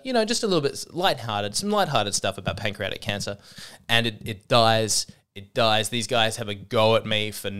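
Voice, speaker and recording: A young man with a smooth voice on the low side hosts a podcast as a comedian, spinning a stage story. His telling is relaxed, animated and profane, and he keeps mimicking the people in his quotes.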